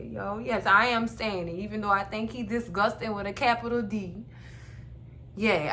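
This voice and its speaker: A woman's voice: medium pitch, sharp tone, slight background noise. A woman hosting a casual TV episode recap, telling the story animatedly and acting out the characters' lines. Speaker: recap host.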